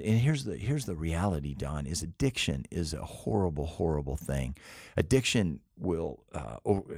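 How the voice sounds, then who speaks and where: A man's voice: extremely low pitch, gravelly, warm tone, no room sound, clean studio sound. A middle-aged man who leads a rescue mission, telling stories earnestly in an interview with frequent restarts. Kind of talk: interview conversation.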